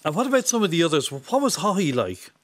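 A man interviewing a guest with admiring, lively questions. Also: on the high side, fast, no room sound.

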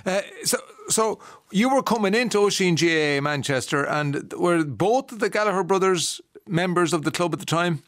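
A man's voice: high-pitched, moderate pace, hardly any pauses, fairly bright tone, no echo, studio quality. A man hosting a radio show, chatting casually and asking friendly questions with plenty of fillers.

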